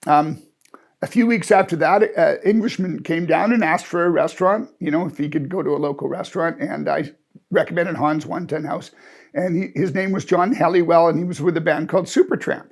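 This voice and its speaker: A man's voice: fairly high pitch, fairly quick. A man in his sixties telling an amused, rambling personal anecdote in a chatty way. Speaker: storyteller. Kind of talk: casual anecdote.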